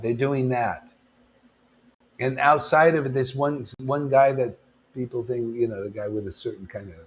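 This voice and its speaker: A man's voice: medium pitch, fairly bright tone. A man preaching informally to a devotional gathering, blunt and confrontational, throwing out rhetorical questions and calling his listeners "man". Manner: rhetorical questions, mocking asides.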